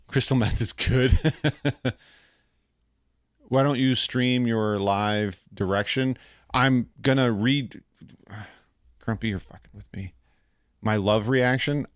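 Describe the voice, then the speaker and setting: A man chatting on a live stream in a relaxed, rambling way, full of ums and easy laughter. His voice is smooth and resonant, recorded close and dry with no room sound at all. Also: lowish voice, dry recording. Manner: rambling and easygoing, laughs often, many fillers. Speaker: streamer hosting a reaction stream. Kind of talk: casual live-stream commentary.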